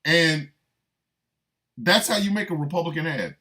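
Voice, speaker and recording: A man performing a comic monologue, his slightly high voice swinging widely from low mutters to incredulous squeaks. He riffs in loops, repeating punchlines and breaking into mock-baffled asides. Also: moderate pace. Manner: animated, repetitive riffing with mock-incredulous asides. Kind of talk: comedic monologue.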